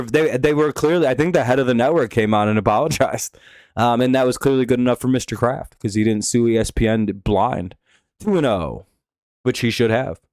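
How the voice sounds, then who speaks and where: A man's voice: on the low side, a little mellow, clear, resonant tone, dry recording, studio quality. A man hosting a casual live stream, talking in a rambling, profane way with lots of fillers and restarts.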